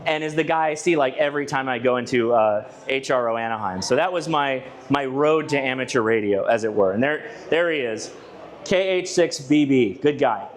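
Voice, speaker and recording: A man speaking at an ordinary mid pitch gives a presentation at a club meeting. He talks in a loose, chatty storytelling way, restarting sentences and tossing asides to the listeners. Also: moderate pace. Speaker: ham radio channel presenter giving a club talk. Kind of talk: conversational presentation to a live audience. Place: club meeting room with a live audience.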